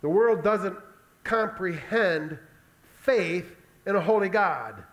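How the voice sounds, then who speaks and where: A male pastor delivering a sermon in an animated storytelling way, acting out Bible scenes. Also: sits high, takes it slowly.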